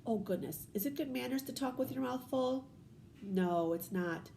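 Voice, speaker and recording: A woman teacher in her thirties, leading a children's read-aloud lesson in an animated, questioning and encouraging way. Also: fairly high pitch, normal speed, creaky, slight background noise.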